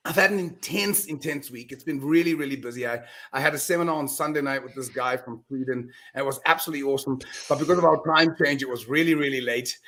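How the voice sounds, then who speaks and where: A man talking as a guest in a casual interview, telling animated stories and acting out his own self-talk, often restarting words. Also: medium pitch, fast, few pauses. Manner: animated storyteller, repeats words when restarting. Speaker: podcast guest, mindset coach.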